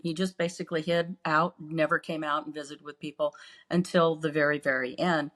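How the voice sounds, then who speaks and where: A woman's voice: low voice, steady tone, brisk, fairly bright tone. A woman co-hosting a podcast, earnestly recounting painful memories in casual storytelling. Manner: earnest, re-lives painful memories, acts out quotes. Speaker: podcast co-host.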